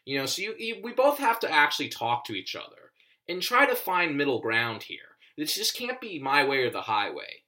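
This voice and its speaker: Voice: mid-range voice, very animated, normal speed, pushed and bright. A comedian ranting in a casual monologue, profane and emphatic, rambling with many restarts.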